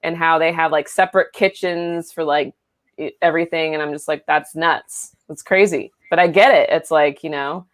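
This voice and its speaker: A woman's voice: sits low, steady tone, fairly quick. A woman co-hosting a comedy podcast, chatting casually in a rambling way with many fillers. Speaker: podcast co-host.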